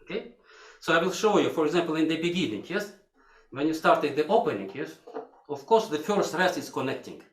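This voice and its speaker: A man's voice: fairly high pitch, animated, fairly quick. An older man with a coaching a violinist in a masterclass, singing phrases to demonstrate, in broken English. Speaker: violin teacher. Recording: echoey hall. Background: violin playing.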